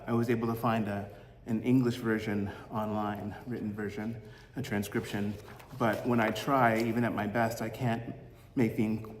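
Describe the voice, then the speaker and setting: A man giving a Sunday reflection as minister, gentle and halting, fond of corny puns. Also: on the low side, slight background noise. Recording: roomy echo with long hall reverb, faint ambience.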